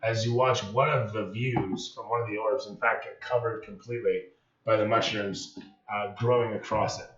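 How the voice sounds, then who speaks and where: A man's voice: on the low side, steady tone, moderate pace, fairly bright tone. A man running a tabletop game on a live stream as game master, describing scenes like camera shots, with many fillers. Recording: echoey, distant, dull sound with faint music.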